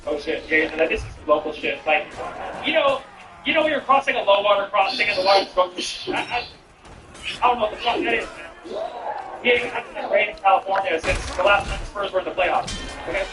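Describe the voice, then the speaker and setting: Streamer, male, high lively voice; cursing, rambling incredulous chatter, off-mic in an echoey room with music playing. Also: fairly quick, recorded from a distance. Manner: profane, rambling, incredulous banter. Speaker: streamer and stand-up comedian. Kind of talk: casual gameplay chat with viewers.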